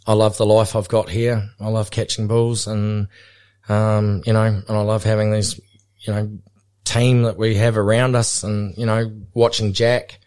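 A man's voice: on the low side, flat delivery, unhurried, a little mellow, clean tone. A middle-aged man with a New Zealand accent, a bull catcher and pilot, talking in a laid-back, rambling way full of fillers in a podcast interview.

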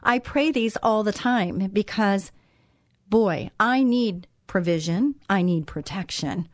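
A woman's voice: on the low side, no echo, studio quality. A woman hosting a Christian talk show, speaking in an encouraging, conversational way and repeating phrases for emphasis. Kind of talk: devotional talk show monologue.

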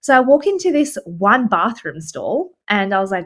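A young adult woman, a podcast co-host, telling a story in casual chat, animated and laughing often. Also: mid-range voice, normal speed.

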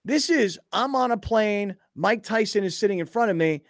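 A sports radio host with a fairly high voice that swings up and down as he tells his stories. He acts out little scenes, and the studio sound is dry and close. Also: normal speed, no room sound. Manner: animated storytelling, acting out scenes. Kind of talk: casual sports talk.

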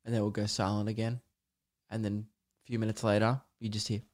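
A man's voice: on the low side, flat delivery, brisk, a little mellow. A young man hosting a podcast, rambling in a crude, joking way and acting out little scenes. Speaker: podcast host. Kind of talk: casual comedic monologue.

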